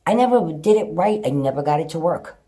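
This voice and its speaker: Filming on a hand-held phone inside her home, a middle-aged woman rambles to camera, swears freely and chats to her pets. Her low voice is dark and expressive with a breathy edge, and she speaks a little fast.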